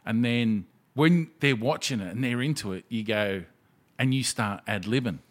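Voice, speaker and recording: A man hosting a casual chat, telling animated, sweary stories and acting out what people said. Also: medium pitch, moderate pace. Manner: sweary, animated storyteller who acts out quotes.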